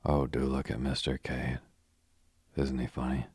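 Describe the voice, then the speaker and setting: A man's voice: extremely low pitch, monotone, unhurried, a little mellow, breathy edge, no room sound, exaggerated voice. A man voicing a gushing young woman tourist who eagerly questions her guide.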